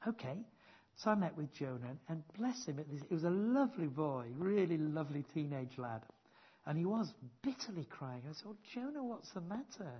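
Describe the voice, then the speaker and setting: A man preaching a sermon, earnest and emphatic, with gentle self-deprecating asides and rising stresses on key words. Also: a little high, lively intonation, fairly quick, slightly rough, lo-fi sound.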